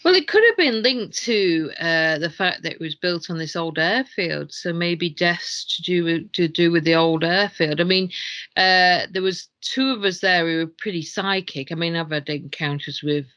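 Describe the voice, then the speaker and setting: Woman, guest, hesitant, bright tense voice, dry sound. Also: fairly low pitch, moderate pace, dry recording. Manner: hesitant, unsure. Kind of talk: casual chat.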